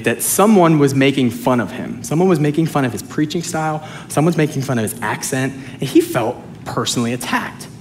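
A male pastor preaching a sermon, animated and joking, swinging between loud and soft. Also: fairly high pitch, a little hiss or hum. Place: church sanctuary with congregation.

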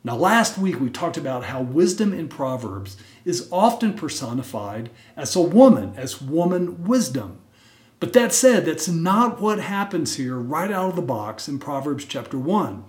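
A man with a slightly high voice preaches from the pulpit, stressing his points and tossing in quick "right?" asides. His voice rings through an echoey church sanctuary. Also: big pitch swings. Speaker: pastor. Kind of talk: sermon.

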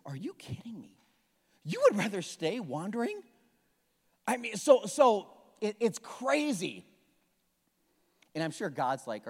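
A pastor in his forties preaching a sermon, animated and joking as he acts out the people in the story. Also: high voice, a little slow, pauses often, husky. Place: church hall. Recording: long reverb of a church hall.

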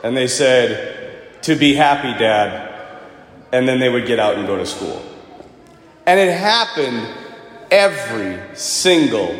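A man's voice: medium pitch, lively intonation, takes it slowly, long pauses, fairly bright tone. A man, a priest, giving a conversational sermon and telling stories, now and then acting out the people he quotes. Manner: storytelling homily, conversational, acts out quoted voices. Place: church. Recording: echoey church with long reverb.

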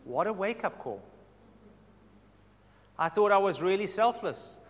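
A man preaching a sermon with passion, his delivery swinging from loud to soft. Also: sits high, expressive, unhurried, in a large hall. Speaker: pastor.

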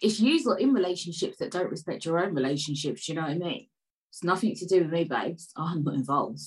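Rambling, chatty woman, low voice. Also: expressive, quick pace, rough recording. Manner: chatty, rambling, jumps between loud outbursts and mutters; sips tea while talking. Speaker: vlogger. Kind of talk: casual chat to camera.

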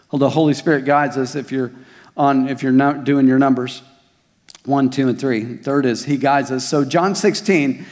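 A man's voice: on the high side, long reverb tail. A male pastor preaching a sermon, mixing scripture with personal stories and rhetorical questions. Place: church service at a community center.

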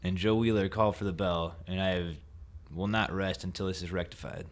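Guy with a lowish voice telling goofy stories on a podcast, chill and jokey. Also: fairly even intonation, fairly quick. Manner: playful storyteller, jokey. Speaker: podcast guest, wrestler. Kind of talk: casual chat.

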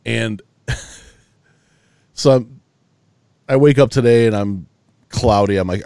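Sounding worn out and yawning, a podcast co-host spins a lengthy, cursing, meandering tale in casual conversation, often starting over. His voice sits on the low side with a darkish tone, a little slow and full of pauses, recorded without echo.

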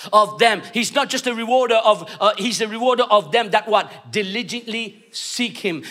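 A man preaching a sermon, emphatic and call-and-response, often rising to shouts. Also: sits high.

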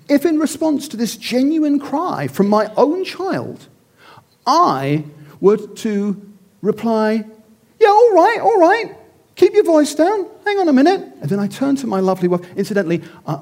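A middle-aged male preacher delivers his sermon with a fairly high voice. He tells stories animatedly, acts out the voices, and his pitch rises and falls expressively. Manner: animated storytelling with acted-out voices.

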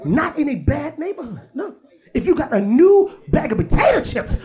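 A man's voice: extremely high pitch, sing-song, fast talker, a little mellow, some chatter behind. A male stand-up comedian doing a profane, punchy set on stage. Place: stage before live audience.

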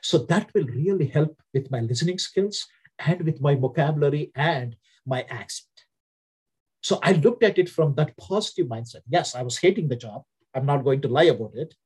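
A husky-voiced man with an Indian accent, speaking as a guest in an interview. His storytelling is earnest and plainspoken, steady and reflective. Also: on the high side, normal speed.

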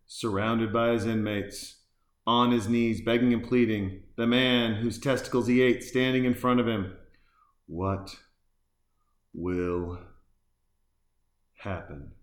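Reacting to a film over a beer, a podcast host rambles casually, full of fillers and restarts. He has a lowish voice, recorded in an echoey room.

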